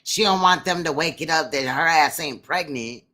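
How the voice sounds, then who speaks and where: A woman's voice: sits low, normal speed, bright, forceful tone. A woman commenting on police footage in a blunt, sarcastic, casual way. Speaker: true crime commentator.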